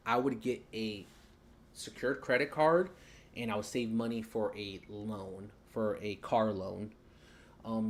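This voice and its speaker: A man giving a casual live-stream lesson on credit, chatting loosely and talking while he fumbles with his screen. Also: on the low side.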